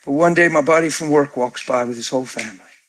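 A man telling lively stories as an interview guest, excitable and laughing often as he acts out the voices of the people in his tales. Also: on the high side, fast. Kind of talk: animated storytelling.

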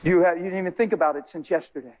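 A male preacher telling a story in a sermon, excitable, jumping between loud high bursts and low quiet asides. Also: rapid-fire. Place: church.

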